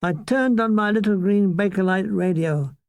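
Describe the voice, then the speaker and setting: A man's voice: high-pitched, dry recording. An older man reading his own war memoir aloud in a dry, comic storytelling manner. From Ireland. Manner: dry comic storytelling, quick asides and mock voices. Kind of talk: memoir narration.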